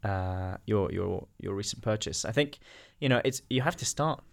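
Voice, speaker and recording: A man with a fairly low voice chats as a guest on a podcast. He is easygoing and unhurried, often pausing with filler words as he thinks. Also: creaky. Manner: easygoing, hesitant with many ums and likes. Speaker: guest, company founder. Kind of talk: casual conversation.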